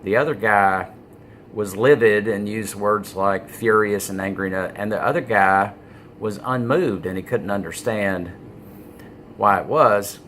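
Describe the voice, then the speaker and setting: Male vlogger, low voice, unhurried, filler-heavy delivery, faint room noise. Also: fairly bright tone. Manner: halting, many "uh" fillers, stresses key words. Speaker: business vlogger. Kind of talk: casual talking-head monologue.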